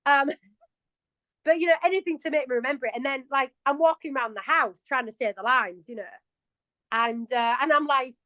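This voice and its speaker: Yorkshire lady in her forties, gabbing away in an interview, laughing at herself, highish voice. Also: normal speed, sharp tone, no room sound, low-quality recording. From England. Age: 40s. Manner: chatty and self-mocking, laughs often. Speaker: interview guest. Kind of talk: casual interview chat.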